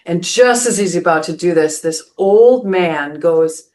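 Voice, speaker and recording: A woman pastor who hosts a podcast and tells stories in an earnest, searching way. She often restarts her sentences and asks "right?" to check in with listeners. Her voice sits slightly low. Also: a little slow, a little mellow. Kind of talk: spiritual podcast talk, storytelling.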